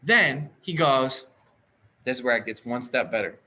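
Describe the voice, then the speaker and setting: A man telling a story in casual chat as a podcast host, animated and acting out the dialogue with quick asides. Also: medium pitch, slightly rough.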